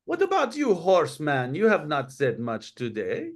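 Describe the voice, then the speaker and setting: A man doing a shrill, demanding tribunal official. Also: wildly swooping pitch, moderate pace.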